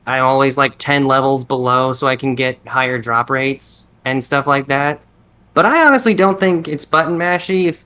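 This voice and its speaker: A man's voice: fairly high pitch, bright, forceful tone, smooth. A man on a podcast chatting casually, rambling and restarting his sentences as he gathers his thoughts. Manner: rambling, self-interrupting; restarts sentences, many fillers. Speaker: podcast co-host. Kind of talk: casual chat.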